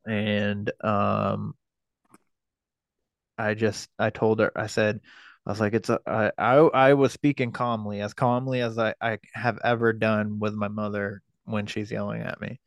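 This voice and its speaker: Smooth low-voiced man in his thirties. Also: flat delivery, dry recording. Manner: halting, profane, frequent fillers and restarts. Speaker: podcast guest. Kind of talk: personal storytelling.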